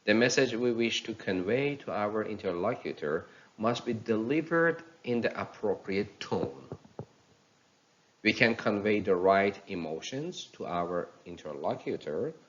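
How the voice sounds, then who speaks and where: A man with a fairly low voice teaches a recorded pronunciation lesson. He speaks slowly and deliberately, and his pitch swings widely as he demonstrates intonation. The recording sounds dull and lo-fi. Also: animated, fairly bright tone, slight background noise. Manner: slow, deliberate explaining with exaggerated demo intonation.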